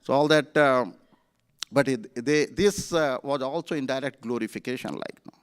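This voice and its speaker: The temple speaker retells a sermon story in the temple hall, conversational and animated and packed with fillers. His mid-range voice is smooth and moves at normal speed.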